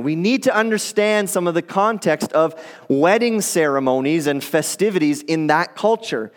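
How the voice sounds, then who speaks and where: Male pastor, high-pitched, casual animated sermon delivery, in a reverberant church hall. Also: moderate pace. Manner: conversational, animated storytelling with acted quotes.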